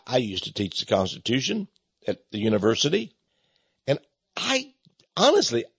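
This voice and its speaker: Sarcastic man with a husky voice. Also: mid-range voice, fairly bright tone, no room sound. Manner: sarcastic, mocking, laughs scornfully. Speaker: ministry speaker. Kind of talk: preaching monologue. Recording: dull lo-fi recording.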